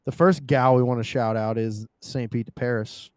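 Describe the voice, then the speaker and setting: A joking man who swears freely and banters in casual talk while co-hosting a podcast. His voice sits at a middle pitch. The sound is dry and close, with no room around it. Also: normal speed, clean tone, no echo. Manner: profane, joking, animated. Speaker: podcast co-host. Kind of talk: casual chat with sponsor reads.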